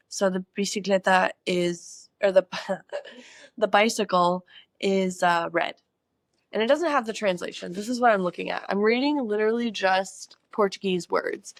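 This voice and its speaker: A woman's voice: mid-range voice, gravelly, no room sound. A young woman vlogging in a casual, playful and chatty way, reading aloud from a language textbook and talking to her viewers. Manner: playful, chatty, exaggerated greetings. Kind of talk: casual vlog chat.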